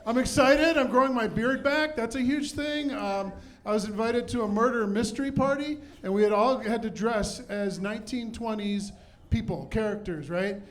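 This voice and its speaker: A man's voice: very high-pitched, moderate pace. A middle-aged man doing a self-deprecating stand-up comedy set on a club stage with a handheld mic. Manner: self-deprecating, punchy delivery.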